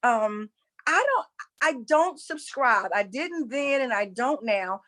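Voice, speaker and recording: A high-pitched woman talks like a preacher. She speaks emphatically, repeats her points and calls her listeners y'all. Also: lively intonation, slow pace, a bit bright, low-quality recording. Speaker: spiritual coach and former preacher. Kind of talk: impassioned preaching-style talk.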